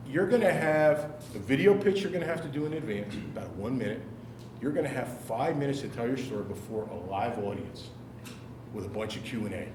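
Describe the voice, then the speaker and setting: A man leading a classroom workshop, running an upbeat, brisk roll call of teams. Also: mid-range voice, noisy background. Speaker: workshop leader. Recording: echoey room from far off.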